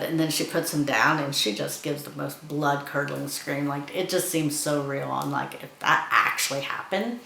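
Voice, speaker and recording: A woman's voice: low-pitched, fairly even intonation, normal speed, gravelly, few pauses, a bit bright, roomy sound, rough recording. A woman giving a casual film review, chattily retelling scenes and acting out the characters' lines.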